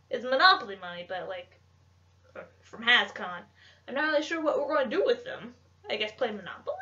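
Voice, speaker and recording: A woman's voice: fairly high pitch, fairly bright tone. A young woman vlogger chatting casually about her convention haul, chatty and gushing, with lots of fillers. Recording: dull lo-fi home recording.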